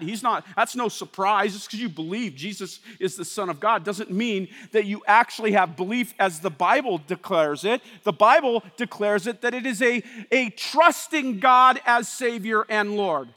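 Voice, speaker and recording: High-voiced preacher in a reverberant hall. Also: male voice, normal speed, few pauses. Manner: preaching with swings from loud to quiet and intense. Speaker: pastor. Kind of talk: sermon.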